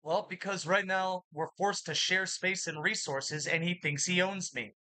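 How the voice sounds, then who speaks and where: A woman's voice: fairly low pitch, a little slow, sharp tone. A woman talking in a rambling monologue to her viewers, often speaking of herself in the third person, blunt and profane. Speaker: vlogger.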